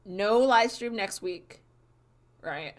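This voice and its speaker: A woman's voice: mid-range voice, slow pace. A woman streaming late at night, tired and rambling. She talks in loose, casual chat with crude slang and trails off often. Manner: rambling, many fillers and restarts, crude slang. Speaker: livestreamer.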